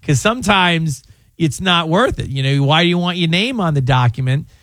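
Chatty male radio host, slightly high voice. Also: lively intonation, normal speed, fairly bright tone, dry recording, clean studio sound. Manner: chatty, emotional, stumbles over words. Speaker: radio show host and lawyer. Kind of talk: call-in radio talk.

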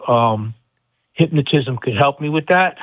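A man's voice: medium pitch, expressive, measured pace, dry recording. A man calling in to a radio show, asking questions hesitantly with many fillers. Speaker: caller. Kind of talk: call-in question. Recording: tinny phone line.

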